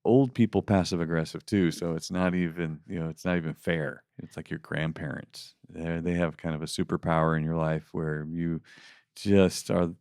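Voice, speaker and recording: Advice podcast co-host, male, low and gravelly, empathetic, casual talk. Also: steady tone, moderate pace, a little mellow, no echo, studio quality. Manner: empathetic, acts out what he would say.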